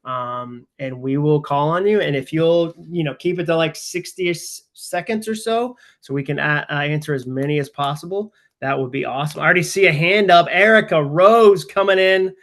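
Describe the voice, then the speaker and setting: A man in his forties hosting a live webinar, telling stories in an animated, rambling way full of "like" fillers. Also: a little high. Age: 40s. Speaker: host. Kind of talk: casual storytelling on a live webinar.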